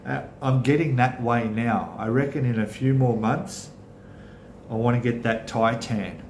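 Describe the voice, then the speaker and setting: A man's voice: mid-range voice, reverberant, slight background noise. A middle-aged Australian man hosting a casual live chat with viewers, rambling and chatty, often correcting himself mid-sentence. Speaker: channel host.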